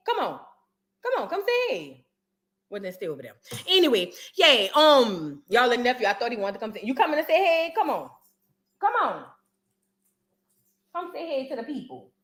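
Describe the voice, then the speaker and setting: A woman hosting a live reaction stream, joking and animated in heavy slang. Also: sits high, moderate pace, long pauses. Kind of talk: casual live-stream commentary.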